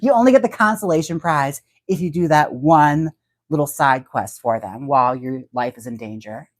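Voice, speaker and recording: A man's voice: fairly high pitch, moderate pace, dry recording. A man hosting a casual livestream, chatty and giggly as he talks about wigs and reads out viewer comments. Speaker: livestream host and wig stylist.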